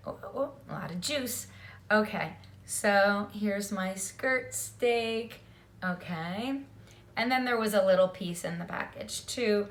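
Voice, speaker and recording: Bright slow-talking lady cooking at home, chatty, keeps saying okay, echoey kitchen. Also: mid-range voice, a little hiss or hum. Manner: chatty, often checks in with "okay?". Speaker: home cook. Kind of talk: casual cooking demo.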